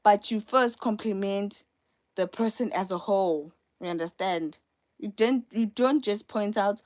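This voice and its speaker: A woman's voice: mid-range voice, unhurried, darkish tone. A young woman hosting a casual live stream from her phone, talking straight to viewers and repeating herself for emphasis. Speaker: livestream host.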